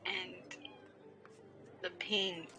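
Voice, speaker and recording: A woman playing a tabletop role-playing game, talking in an animated, worried way. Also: drawn-out words, noisy background. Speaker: player.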